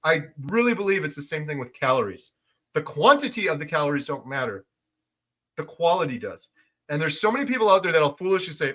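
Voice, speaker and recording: A sing-song, fairly high voice moves a little fast as this middle-aged man hosts his laid-back livestream. He reads viewers' comments aloud and punches his points with emphasis, getting loud as he does.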